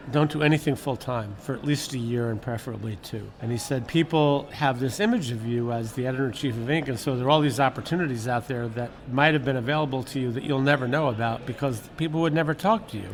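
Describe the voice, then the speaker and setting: An older man, a former magazine editor, telling stories in an interview in a lively, candid way, laughing now and then. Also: mid-range voice, a little hiss or hum. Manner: animated, candid, laughs often, swears casually. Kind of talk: reflective storytelling interview.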